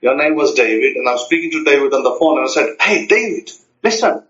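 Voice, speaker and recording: A man's voice: mid-range voice, steady tone, fast talker, a bit bright, lo-fi sound. A man teaching, who acts out short dialogues and repeats his points for emphasis. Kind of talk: spoken self-help teaching.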